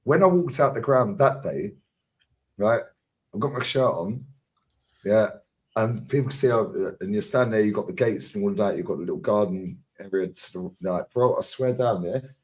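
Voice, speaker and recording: A man's voice: fairly low pitch, lively intonation, normal speed. A man telling a football story in casual fan chat, sweary and full of street slang.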